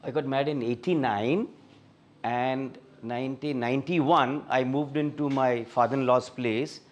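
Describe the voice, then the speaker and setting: A man's voice: mid-range voice, a little slow. A middle-aged man with an Indian English accent, sharing a personal faith testimony at a fellowship meeting in a storytelling manner. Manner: storytelling, animated when reliving scenes. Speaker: guest speaker sharing a testimony.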